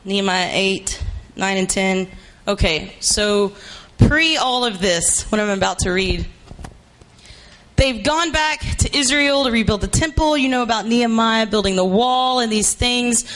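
A woman preacher delivers a sermon with repeated, hammering phrases. She often climbs to a near shout to press home her points. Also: a little high, moderate pace. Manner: emphatic and repetitive, rising to shouts.

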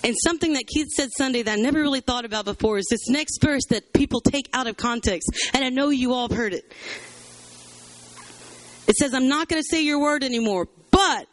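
A man's voice: very high voice, a little fast. A man teaching a Bible study to a church group in a chatty, conversational way, with many fillers. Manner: conversational, chatty, fills with "you know" and "um".

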